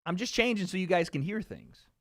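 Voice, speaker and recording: Bright, joking livestream host man. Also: high-pitched, lively intonation, no room sound, clean studio sound. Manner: joking, profane, quick asides to chat. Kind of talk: casual livestream commentary. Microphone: streaming microphone.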